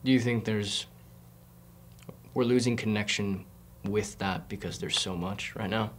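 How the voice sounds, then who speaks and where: A young man interviewing, soft-spoken and attentive, asking questions with short affirmations. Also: fairly low pitch, unhurried, a little hiss or hum. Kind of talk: interview conversation.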